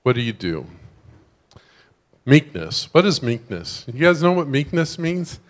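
A man's voice: a little high, very animated, unhurried. A man preaching a sermon in a conversational way, often checking in with the congregation with "right?". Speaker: pastor.

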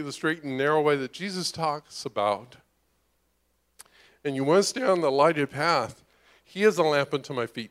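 A man's voice: on the high side, a bit bright. A middle-aged man preaching a conversational sermon, often asking "right?" and acting out the voices of the people he describes. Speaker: pastor.

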